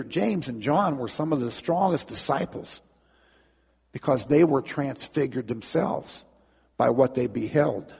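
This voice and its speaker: A pastor preaching in a husky, slightly breathy voice. He tells his sermon like a story, casual and full of fillers. A long church reverb trails after each phrase. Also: mid-range voice, a little mellow.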